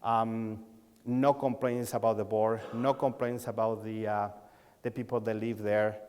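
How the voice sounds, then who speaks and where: A man's voice: lowish voice, unhurried. Mexican-accented man telling stories in a hall. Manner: animated storyteller, acts out dialogue, non-native grammar. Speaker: sales coach speaking at a dealer conference. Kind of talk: conference talk, storytelling. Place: large conference hall. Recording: long reverb of a large hall.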